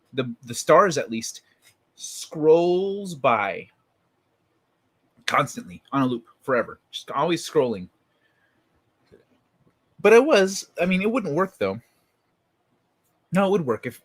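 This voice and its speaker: Animated, profane male streamer. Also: a little high, no echo. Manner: rambling, profane storytelling. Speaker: live streamer. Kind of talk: casual chat with viewers.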